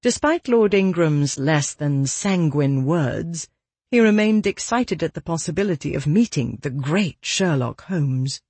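An audiobook narrator giving a measured, even scripted reading. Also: mid-range voice, breathy edge, dry recording.

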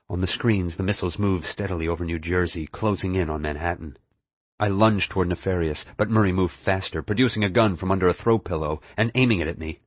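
Husky low-voiced male audiobook narrator. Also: fast talker, dry recording. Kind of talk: first-person audiobook narration.

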